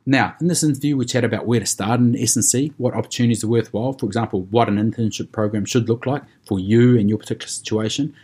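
A man hosting a podcast, reading a sponsor spot and guest bios in an upbeat, quick manner. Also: lowish voice, a little mellow, slightly rough. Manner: fast, upbeat, reads ad copy and guest bios. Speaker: podcast host. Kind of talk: podcast intro and interview.

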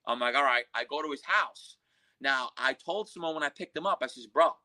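Blunt, bright-voiced New man. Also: mid-range voice, fairly quick, low-quality recording. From Queens, New York. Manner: blunt street talk, profane. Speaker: podcast guest. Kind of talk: storytelling interview.

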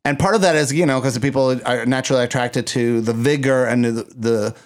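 A man chatting casually, throwing in quick jokes and laying out his own theories. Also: medium pitch, steady tone. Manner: joking, theorizing, quick quips. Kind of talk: casual chat.

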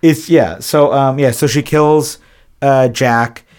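A man's voice: mid-range voice, fairly even intonation, slow, a little mellow, smooth. A man co-hosting a podcast, casually and profanely retelling a film's plot. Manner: loose, profane retelling with acted-out quotes. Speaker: podcast co-host. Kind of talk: casual movie recap chat.

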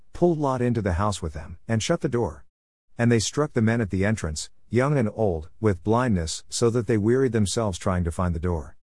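A man giving a steady, measured scripture reading. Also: lowish voice, no echo, clean studio sound. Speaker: scripture reader.

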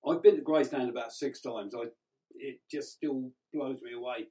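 A man's voice: mid-range voice, steady tone, moderate pace, warm tone, rough recording. A man with an English accent, co-hosting a radio show in casual chat, talking freely and laughing often. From England.

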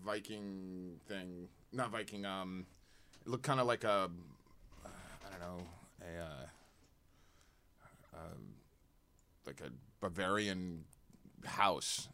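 A man guest telling stories in a casual studio chat, animated. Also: low-pitched, slow pace, long pauses. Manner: animated storyteller.

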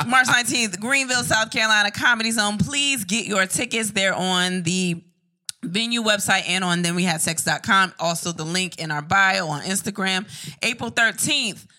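A woman's voice: mid-range voice, moderate pace, bright, forceful tone. A woman co-hosting a casual late-night podcast, joking loosely and reading off tour dates. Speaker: podcast co-host.

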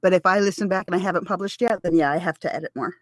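A woman hosting a podcast, chatting casually in an animated, self-deprecating way and laughing often. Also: lowish voice, rapid-fire, no room sound. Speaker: podcast host.

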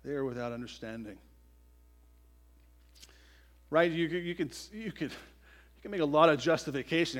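A pastor preaching a sermon in a slightly high male voice. He drives his points home with emphasis and keeps tossing in "right?" to his listeners. His volume swings from forceful declarations down to near-quiet. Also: expressive, a little fast.

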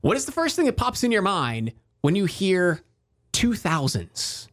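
Animated male radio morning host. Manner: animated, sweeping pitch, reads promos quickly. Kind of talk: morning radio banter and live reads.

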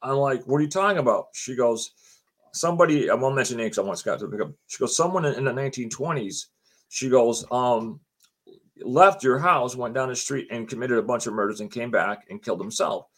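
A man's voice: mid-range voice, animated, fairly quick, fairly bright tone. A middle-aged man telling a personal story as a guest, retelling the conversations line by line and acting out what people said to him. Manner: chatty, often says "she goes" and restarts his sentences. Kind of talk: casual spoken anecdote.

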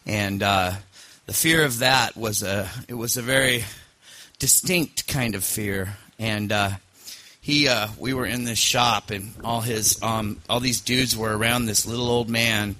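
A man's voice: lowish voice, a little slow, bright, forceful tone. A man hosting a podcast, telling a personal story casually, rambling with fillers and restarts. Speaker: podcast host.

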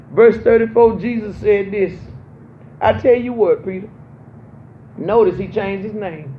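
A woman's voice: medium pitch, a little slow. A young woman pastor preaching a sermon in a church, calling out to her congregation and repeating her lines for emphasis. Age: young adult. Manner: emphatic call-and-response, repeating phrases to the congregation. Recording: muffled lo-fi with faint background noise.

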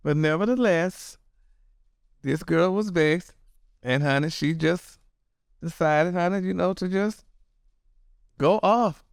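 Brief: high-pitched, smooth-voiced male gossip host, sassy and dramatic, dry close sound. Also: slow pace, long pauses, dry recording. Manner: sassy, dramatic, keeps saying honey and girl. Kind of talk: casual gossip commentary.

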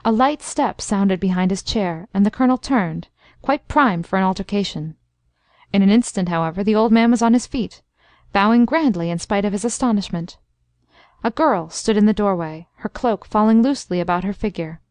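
Casting: female audiobook narrator, measured storybook reading, mid pitch, dry close sound. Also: a little mellow, dry recording.

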